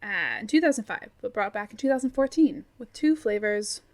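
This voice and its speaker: A woman's voice: medium pitch, animated, fairly quick. A young woman co-hosting a casual podcast chat, reading out facts with giggly asides. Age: young adult. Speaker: podcast co-host presenting research.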